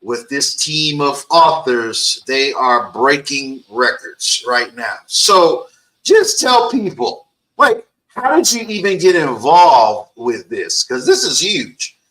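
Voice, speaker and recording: A man hosting a casual interview, animated and joking, often stumbling and repeating words. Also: mid-range voice, slow, poor audio. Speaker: interview host.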